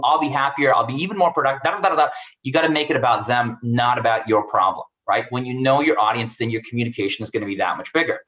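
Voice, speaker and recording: A man gives career advice in a bright, forceful voice, telling lively stories from his working life. He acts out the voices of the people in them as he goes. The recording comes from an online video call. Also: mid-range voice, poor audio. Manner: animated, acts out quoted dialogue. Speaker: cybersecurity expert guest.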